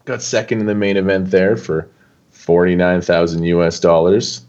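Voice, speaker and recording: A young man talking as a guest on an interview show, loose and animated, full of casual fillers. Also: sits low, moderate pace, muffled recording. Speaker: poker player guest.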